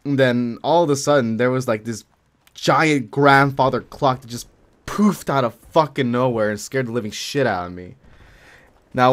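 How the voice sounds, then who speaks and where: A young man telling a long story over gameplay in a casual, rambling way, swearing often and filling with "like". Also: mid-range voice. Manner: rambling, profane, filler-heavy. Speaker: gaming commentator.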